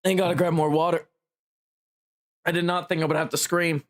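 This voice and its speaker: A man's voice: a little high, little pitch movement, a little fast. A man streaming a game, making casual joking asides between scenes. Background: game music.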